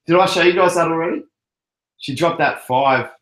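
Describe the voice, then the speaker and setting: A man's voice: fairly high pitch, moderate pace, fairly bright tone. A young Australian man with an Australian accent hosting a casual live stream, chatty and laughing often as he reads out viewer comments. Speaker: crypto livestream host. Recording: echoey room.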